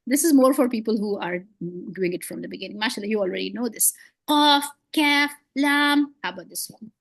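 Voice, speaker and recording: A woman's voice: fairly high pitch, a little fast, vocal fry, no echo. A woman teaching beginners to read, patient and encouraging, with playful memory tricks and frequent praise. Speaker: Quran reading teacher. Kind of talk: one-on-one beginner lesson.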